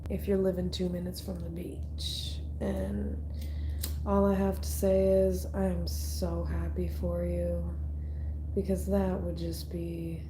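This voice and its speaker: A woman's voice: on the low side, little pitch movement, slow pace, noisy background. A young woman hosting a casual livestream, chatting with viewers by name in a rambling, swear-dotted way from her small studio apartment. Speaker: tarot livestream host.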